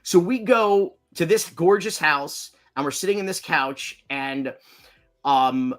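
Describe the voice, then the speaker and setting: A documentary filmmaker from Miami telling rambling, profane anecdotes as a podcast guest, full of fillers and restarts. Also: male voice, fairly high pitch, slow pace, fairly bright tone. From Miami, Florida, US. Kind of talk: anecdotal storytelling in a podcast interview.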